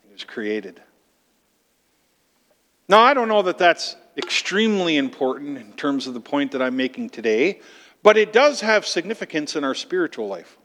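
A man's voice: on the high side, sing-song, brisk, a bit bright, long reverb tail. A man preaching a sermon, explaining scripture emphatically with rhetorical questions.

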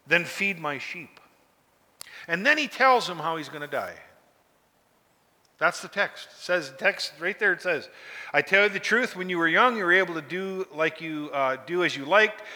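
A man's voice: high-pitched, animated, normal speed, sharp tone. Man, pastor, conversational sermon, brilliant tone, long hall reverb. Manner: conversational, folksy, asks the listeners questions.

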